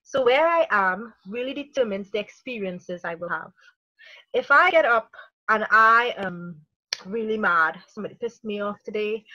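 A woman speaking as a parenting coach in a podcast interview, energetic, often acting out inner dialogue in quotes. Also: fairly high pitch, no echo, highs cut off.

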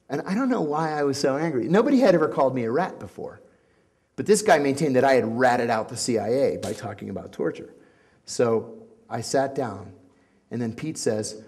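A man's voice: mid-range voice, moderate pace, breathy edge. A middle-aged man telling stories at a community talk, acting out the quotes as he goes. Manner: animated storyteller acting out quotes. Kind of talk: storytelling talk.

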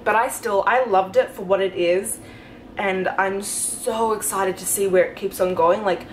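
A young woman talking casually in a reading vlog at home, excited and rambling, gushing with lots of fillers. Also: mid-range voice, unhurried, a little hiss or hum, low-quality recording. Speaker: book vlogger.

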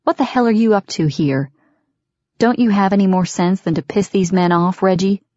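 A woman's voice: medium pitch, normal speed, darkish tone, no echo, natural voice. A woman voicing a defiant, frightened young woman. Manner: snapping, defiant. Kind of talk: audiobook character voice. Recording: dry, dull lo-fi recording.

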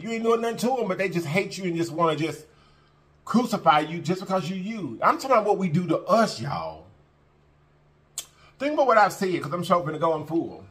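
Lively, bright-voiced man preaching to viewers. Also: fairly high pitch. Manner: emphatic and repetitive, preachy, drawling fillers. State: full after a meal. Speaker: mukbang vlogger. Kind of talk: casual heart-to-heart talk to viewers.

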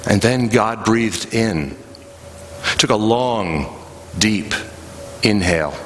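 A man preaching a sermon as a pastor, telling the story in a slow, rhythmic way with long pauses. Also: fairly low pitch, a little hiss or hum. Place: church sanctuary. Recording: live church recording with long reverb.

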